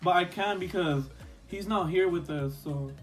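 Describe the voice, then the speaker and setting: A man's voice: high voice, normal speed, soft background music. A young man telling a storytime vlog story in casual chat, rambling with lots of fillers and a few Spanish words. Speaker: vlogger.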